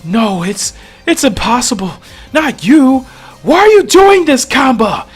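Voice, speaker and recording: A man voicing a young male warrior with strained, high yelling while reading comic dialogue aloud. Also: huge pitch swings, unhurried, slightly rough, faint music behind, heavily acted. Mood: anguished.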